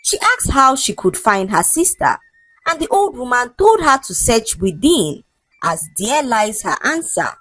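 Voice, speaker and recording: A woman narrating a folk tale in an expressive storytelling manner, her pitch rising and falling across each sentence. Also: unhurried, dry recording, soft background music, rough recording.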